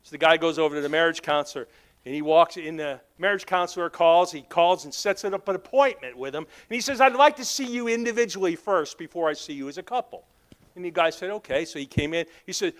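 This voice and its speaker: A man with a Southern accent, preaching in a church sanctuary. His voice sits high and comes across smooth and clear. He tells humorous stories, acts out both sides of each conversation, and calls out people in the pews by name. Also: animated, a little fast, a bit bright. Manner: storytelling, acting out dialogue, teasing the congregation by name. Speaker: pastor. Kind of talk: sermon.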